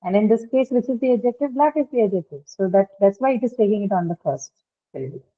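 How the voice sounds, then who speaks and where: Speaking quickly, with medium pitch and lively intonation, a woman teaches phonetics online. She asks frequent check questions and relies on many fillers, and the recording has a tinny, phone-like quality.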